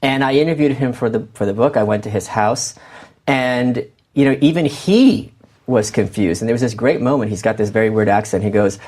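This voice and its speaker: A male author as a guest in an interview, talking in an animated way and acting out quotes as he tells stories. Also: medium pitch. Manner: animated, quick storytelling with acted-out quotes. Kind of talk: interview conversation.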